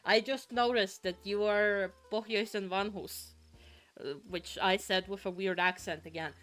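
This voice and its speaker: A woman's voice: medium pitch, fairly even intonation, moderate pace, a bit bright. A young woman from Finland chatting casually while streaming a game, rambling with lots of fillers and a slight sniffle. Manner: rambling, chatty, with frequent fillers and sudden swearing. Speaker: vtuber streamer. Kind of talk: casual gaming stream chat.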